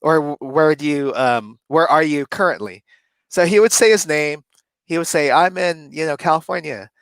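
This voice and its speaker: A man co-hosting a relaxed conversation tells a story in a lively way, often laughing mid-sentence. His voice sits somewhat high for a man. The sound is dry and close, with no room echo. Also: normal speed, clean tone. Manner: animated, laughs often while telling. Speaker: co-host. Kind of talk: casual storytelling chat.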